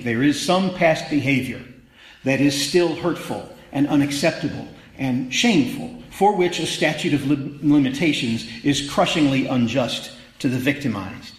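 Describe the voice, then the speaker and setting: A man's voice: on the high side, reverberant, poor audio. A man preaching a sermon in a conversational, wry way that builds to emphatic peaks. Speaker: pastor.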